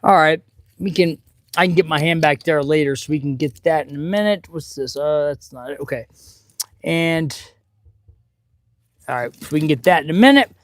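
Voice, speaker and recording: A middle-aged man, an auto mechanic hosting a casual live stream from his garage, chatting and rambling excitably as he works. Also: a little high, moderate pace, long pauses, dry recording. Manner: chatty, excitable and rambling, with sudden loud outbursts. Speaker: auto mechanic and channel host. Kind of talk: casual live-stream chat while working.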